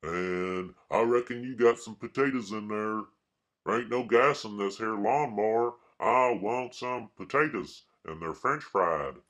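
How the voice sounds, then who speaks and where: A man doing a slow, grunting rural Southern man. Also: lowish voice, a bit bright, pitched above the performer's own voice. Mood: dim, earnest.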